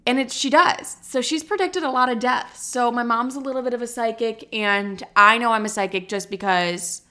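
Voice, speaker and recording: A young woman hosting her own podcast, talking casually to listeners in a rambling, chatty way, swearing often and stumbling over her words while highly caffeinated. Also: moderate pace, pushed and bright. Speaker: podcast host. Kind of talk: casual solo podcast chat.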